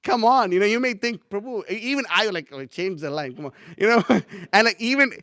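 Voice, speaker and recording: A man's voice: sits high, expressive, brisk, pushed and bright, no echo, clean studio sound. A young man teaching a casual class, rambling and chatty with many fillers and laughs. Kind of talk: casual class talk with anecdotes.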